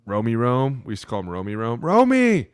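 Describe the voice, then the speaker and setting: Gruff animated ex-lineman podcast host. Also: fast, dry recording, clean studio sound. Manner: animated storyteller, acts out referees with big pitch jumps, swears freely. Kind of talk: casual podcast chat.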